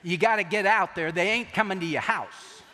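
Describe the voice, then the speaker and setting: A man's voice: high voice, moderate pace, bright, forceful tone, pitched above the performer's own voice. A man voicing a blunt middle-aged woman with a New York accent, in a long echoing hall. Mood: emphatic. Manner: blunt and emphatic. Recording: long echo of a large hall.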